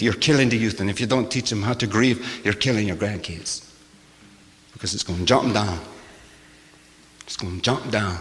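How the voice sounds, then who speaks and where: An older man, a shaman, giving a sermon-like talk to a gathering in a church, with a rhythmic, repetitive cadence that swings from loud to hushed and wry, laughing asides. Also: on the low side. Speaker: shaman speaker. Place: church hall. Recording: long hall reverb.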